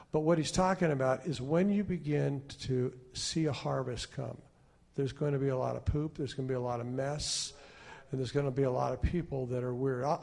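Gravelly man preaching a sermon. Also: mid-range voice. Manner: storytelling, swings between loud emphasis and soft asides. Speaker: pastor.

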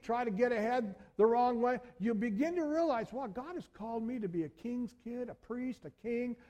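A man preaching a sermon in church, telling stories with animated delivery and speaking directly to the congregation. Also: high voice. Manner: animated storytelling, addresses congregation as folks. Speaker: pastor.

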